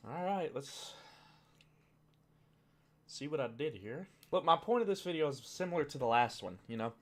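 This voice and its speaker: A man doing comedic commentary with an animated, sarcastic, profane ranting manner. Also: on the high side, moderate pace. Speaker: video commentator.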